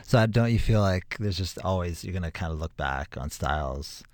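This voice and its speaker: A man with a deep, low voice talks as an interview guest, animated and given to emphatic exclamations. He laughs easily. The sound is close and dry. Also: moderate pace, dry recording. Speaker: musician guest. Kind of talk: casual interview chat.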